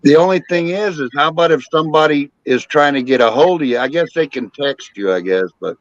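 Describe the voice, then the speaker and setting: A man's voice: fairly high pitch, brisk, dry recording, dull audio. A man chatting casually, blunt and joking about bikes. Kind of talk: casual chat.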